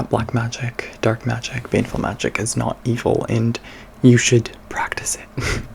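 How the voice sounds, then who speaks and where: A young man speaks in a soft, hushed voice at an ordinary pitch, his tone crackling with fry. He is sassy and irreverent, swearing freely as he chats casually to his viewers. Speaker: witchcraft content creator. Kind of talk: casual chat.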